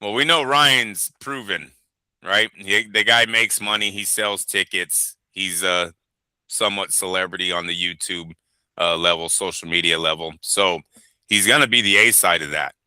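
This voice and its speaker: A man hosting a boxing show, talking in a casual, animated and profane way and rambling from point to point. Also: deep voice, moderate pace, smooth, no room sound. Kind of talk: casual chat.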